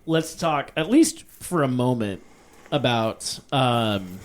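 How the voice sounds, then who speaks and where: A man's voice: mid-range voice, expressive, slow pace. A man co-hosting a podcast, rambling casually with lots of fillers and laughter. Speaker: podcast co-host. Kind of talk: casual chat.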